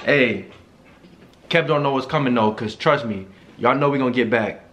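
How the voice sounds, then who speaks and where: A man giving casual reaction commentary, animated, slangy and joking. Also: medium pitch, normal speed. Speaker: YouTuber reacting to a video.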